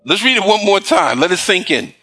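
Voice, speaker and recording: Animated high-voiced preacher. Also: male voice, slightly rough. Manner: call-and-response questions to congregation; slow emphatic scripture reading. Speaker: pastor. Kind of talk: sermon.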